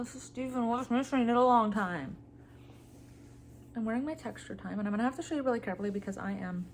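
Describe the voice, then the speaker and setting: A woman in her forties talks casually to her vlog audience with a somewhat low pitch and a nasal, blocked-up sound. Her humor is dry and deadpan. Faint room ambience sits under her voice. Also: slight background noise. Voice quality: stuffy, blocked-nose sound. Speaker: vlogger. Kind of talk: casual chat.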